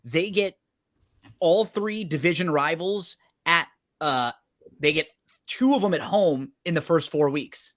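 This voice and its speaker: In a slightly high, fairly bright voice, a man speaks a little slowly as he co-hosts a sports betting show. He discusses teams and schedules conversationally, regularly checking in with his partner through tag questions.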